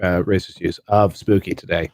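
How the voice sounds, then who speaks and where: A man's voice: low voice, level tone, moderate pace, darkish tone, no echo. A man co-hosting a podcast in casual chat, rambling with many fillers and restarts. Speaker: podcast co-host.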